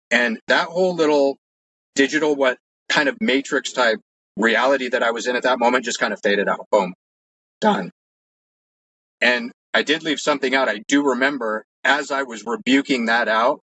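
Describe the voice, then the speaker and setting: On a low-quality recording, a guest recounts personal experiences in a casual, earnest, rambling way, leaning on "like" and frequently starting over. His voice is mid-range, pushed, and bright.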